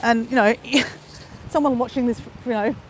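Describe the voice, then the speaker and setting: A woman's voice: on the high side, a little slow, a little hiss or hum, rough recording. A woman vlogger crying as she talks, rambling with lots of "you know" while on a walk outdoors. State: tearful, crying. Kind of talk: emotional live-stream monologue.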